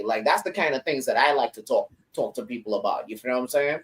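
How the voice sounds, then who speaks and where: A man on a casual panel, telling stories in animated, slang-heavy talk. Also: mid-range voice, quick pace, poor audio. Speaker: panel guest.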